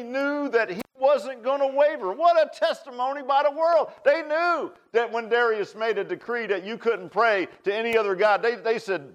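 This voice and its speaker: Man, preacher, folksy sermon, somewhat high voice, loud exclaims and low asides. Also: dull audio.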